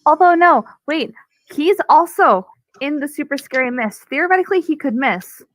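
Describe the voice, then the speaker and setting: Female player, high, animated, dry sound, argues her case. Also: moderate pace, dry recording. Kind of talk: tabletop game chat.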